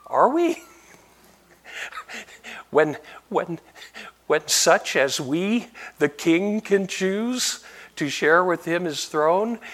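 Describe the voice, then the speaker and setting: A man preaching a sermon with a fairly high voice and an unhurried, deliberate pace. He keeps turning to the congregation with rhetorical questions and swells to loud, emphatic peaks on key points.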